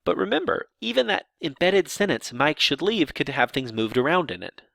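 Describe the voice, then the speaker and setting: A man's voice: fairly high pitch, moderate pace, vocal fry, dry recording. A man teaching sign language grammar, explaining examples step by step with some restarts. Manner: lively explanatory delivery with restarts.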